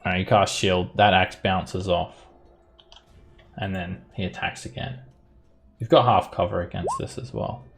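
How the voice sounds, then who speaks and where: A man with a very low, gravelly voice runs a tabletop game as its dungeon master. He narrates the action briskly and explains the rules patiently. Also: fairly even intonation, a little hiss or hum.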